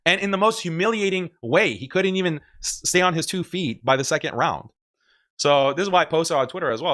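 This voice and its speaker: A man talks through clips on a stream in casual, argumentative commentary. He is emphatic and laughs often, with a fairly high voice. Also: a little fast, pushed and bright.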